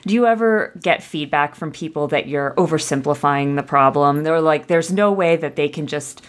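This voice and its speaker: A woman's voice: low voice, normal speed. A young woman hosting a podcast interview, chatting casually in a friendly way and laughing often. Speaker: podcast host.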